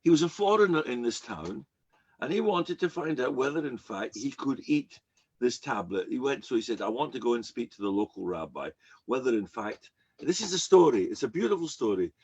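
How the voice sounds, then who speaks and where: A rabbi giving a sermon, telling a story and acting out the people in it. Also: male voice, mid-range voice, a little fast, husky. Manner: animated storyteller acting out quoted characters. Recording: dull lo-fi recording.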